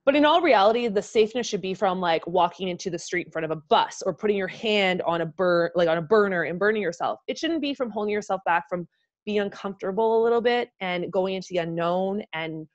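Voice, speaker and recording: A woman's voice: medium pitch, fast. Heartfelt woman co-host, muffled audio. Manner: heartfelt, emotional, encouraging. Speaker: podcast co-host. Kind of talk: motivational podcast chat.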